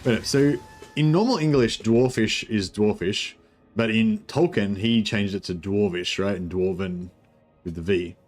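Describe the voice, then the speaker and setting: A man's voice: lowish voice, measured pace, darkish tone, soft background music. A man giving casual, rambling commentary on a strategy game, thinking aloud with many fillers and restarts. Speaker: streamer.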